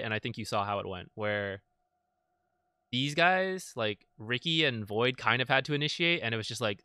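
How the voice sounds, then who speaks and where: A man's voice: mid-range voice, sharp tone, clean tone, no room sound, clean studio sound. A man talking casually through recorded matches as a guide creator, explaining team fights with frequent fillers. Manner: conversational, many fillers. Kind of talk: casual gameplay analysis.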